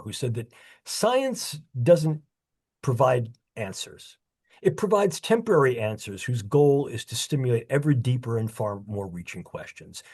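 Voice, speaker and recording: A man's voice: medium pitch, darkish tone, breathy edge. A man with a New York accent closing his online lecture, earnest and courteous, speaking over a video call. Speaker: guest lecturer.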